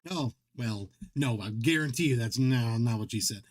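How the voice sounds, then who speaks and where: A man's voice: mid-range voice, moderate pace. Male streamer host; rambling, jokey, self-mocking casual chat. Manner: rambling, self-deprecating, joking, many restarts.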